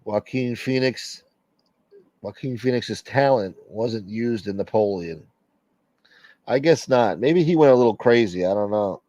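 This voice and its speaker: A man hosts a casual late-night livestream, reading viewer comments aloud and rambling with plenty of profanity. His lowish voice is warm and unhurried, recorded with no echo.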